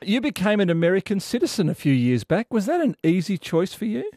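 A man hosting a radio interview, asking steady, prepared questions from a studio. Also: high voice, brisk, no room sound. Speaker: radio host.

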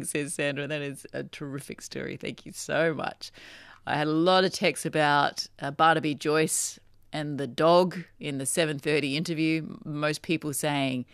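A woman's voice: sits low, moderate pace, creaky, fairly bright tone, no room sound, clean studio sound. A woman with a South Australian accent hosting a radio talk show, chatting casually and reading listener messages aloud. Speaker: radio host. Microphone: studio microphone.

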